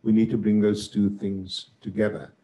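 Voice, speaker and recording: A middle-aged man from South Africa, a professor on a panel discussion, speaking forcefully and building to emphatic outbursts. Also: lowish voice, flat delivery, normal speed, poor audio.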